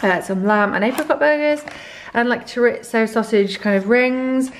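A woman's voice: on the high side, normal speed, a little hiss or hum. Chatty, slightly breathless woman. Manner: chatty, rambling with fillers and restarts. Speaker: vlogger. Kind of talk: casual grocery haul chat.

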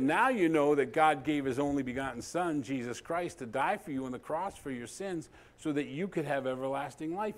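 A middle-aged man, a pastor, preaching a sermon and telling a story, acting out the dialogue with dramatic pauses. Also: on the high side.

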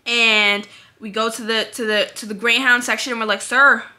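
A woman's voice: on the high side, normal speed. A young adult woman, a college vlogger, dramatically telling a casual storytime with lots of "like". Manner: animated, dramatic retelling with frequent 'like'. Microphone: handheld mic prop, not connected.

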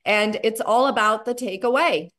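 A woman talks through sales tips on a video call, her voice sitting a little high. She chats quickly and keeps breaking into brighter acted-out dialogue. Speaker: network marketing trainer. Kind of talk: animated training talk on a video call.

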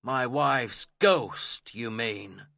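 A man's voice: mid-range voice, very slow, vocal fry, pushed and bright, no echo, studio quality, heavily acted. A man voicing a fierce, scornful older landlord. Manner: curt, scornful.

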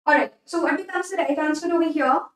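A young woman with an Indian English accent teaches a live online exam-prep class, mixing English and Hindi and repeating key points. Her voice sits high and moves at a quick clip. It comes through an echoey room, a little away from the mic. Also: recorded from a distance, a little hiss or hum. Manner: switches between English and Hindi mid-sentence.

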